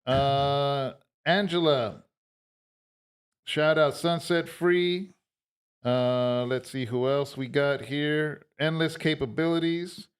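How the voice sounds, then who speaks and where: A man co-hosting a casual podcast chat, teasing the others with leading questions and reading out viewer shout-outs. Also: fairly high pitch, takes it slowly, clear, resonant tone. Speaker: podcast co-host.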